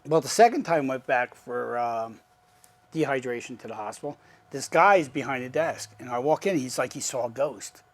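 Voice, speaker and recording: A man's voice: mid-range voice, normal speed. A man casually telling a personal story, acting out the voices of the people in it. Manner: animated, acts out quoted dialogue. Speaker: guest.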